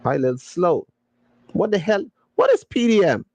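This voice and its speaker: A man hosting a podcast, casually chatting and reading viewer comments in a playful, slangy, excitable way. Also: sits high, normal speed, dry recording. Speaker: podcast host.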